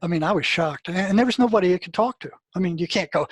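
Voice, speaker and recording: A man from the US, a guest in an interview, telling a story in a halting way, repeating words and acting out what people said. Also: sits high, expressive, husky, no room sound. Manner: halting, repeats words, acts out quoted dialogue.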